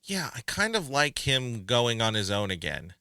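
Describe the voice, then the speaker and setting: A man co-hosting a casual movie podcast, his voice very bright and swinging widely in pitch. He laughs often and acts out lines from the film with relish. The sound is close and dry. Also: very animated, normal speed, creaky, no echo. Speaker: podcast co-host. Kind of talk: casual movie review chat.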